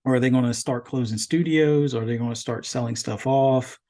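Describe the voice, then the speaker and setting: A man's voice: mid-range voice, fairly quick, mellow. A man co-hosting a gaming podcast, talking things through in casual chat and often restarting his sentences. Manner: hesitant, restarts sentences while reasoning. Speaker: podcast co-host.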